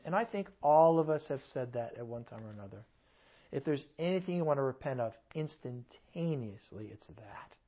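A man's voice: on the high side, animated, normal speed, darkish tone, muffled recording. A man preaching a sermon in church, conversational and earnest, with sudden bursts of emphasis.

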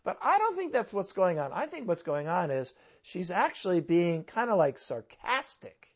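Pastor guy preaching, chatty, lots of questions to the crowd, slightly high voice, muffled recording. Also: big pitch swings, moderate pace. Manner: conversational, asks rhetorical questions. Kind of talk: sermon.

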